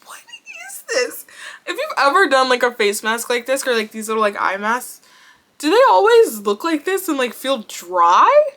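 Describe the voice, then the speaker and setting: A woman hosting her own wrestling vlog in casual chat, animated and blunt, swearing and laughing often. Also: high-pitched, moderate pace. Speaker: wrestling vlogger.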